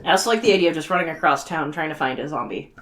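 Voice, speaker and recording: A woman co-hosting a podcast, chatting casually and firing off quick, dry wisecracks. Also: sits low, a loud crowd. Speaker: podcast co-host. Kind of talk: casual chat.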